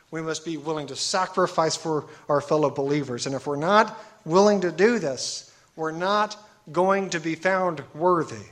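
A man preaching a sermon, earnest and emphatic, asking rhetorical questions and reading scripture slowly and deliberately. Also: on the high side, fairly bright tone.

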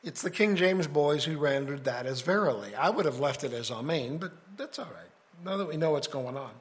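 A man's voice: a little high, expressive, fairly quick. A man teaching a casual scripture study, explaining his reasoning step by step in a conversational way. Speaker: Bible teacher.

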